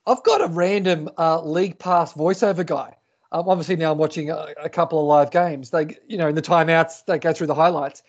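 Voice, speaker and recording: A man's voice: a little high, steady tone, brisk. A man co-hosting a casual sports chat, talking enthusiastically and building up his points with dramatic lead-ins. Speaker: podcast co-host. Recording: muffled lo-fi audio.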